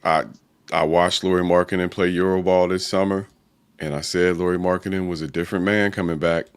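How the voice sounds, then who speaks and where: Man co-host, very low voice, laid-back, reads scores and stats. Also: flat delivery, fairly quick, clear, resonant tone. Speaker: show co-host. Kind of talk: casual sports chat.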